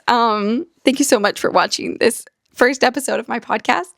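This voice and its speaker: A woman's voice: on the high side, moderate pace, creaky, fairly bright tone. A woman hosting her own podcast, telling a story casually and rambling off into tangents. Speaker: podcast host.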